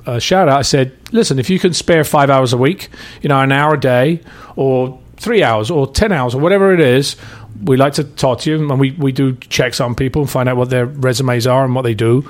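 A man's voice: medium pitch, fairly quick, few pauses. Englishman rambling through an interview. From England. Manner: rambling, many restarts and fillers. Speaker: guest, charity founder and actor. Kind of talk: casual interview talk.

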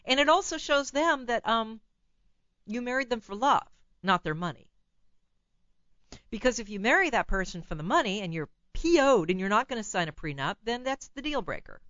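A woman hosting a call-in radio show as a psychologist, giving blunt, animated advice and laughing at her own remarks. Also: a little high, normal speed, no room sound, muffled recording.

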